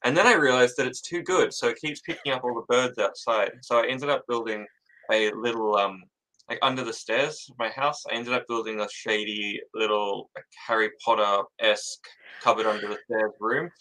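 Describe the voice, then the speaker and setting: A man's voice: medium pitch, steady tone, normal speed, sharp tone, low-quality recording. A man talking as an author guest in a casual interview, jittery and rambling, laughing often and running his thoughts together.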